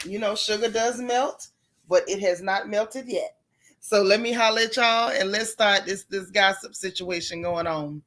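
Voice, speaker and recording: A woman hosting a casual gossip livestream from home, greeting viewers by name with slang like sis and boo. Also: medium pitch. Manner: chatty, warm Southern slang, calls viewers sis and boo.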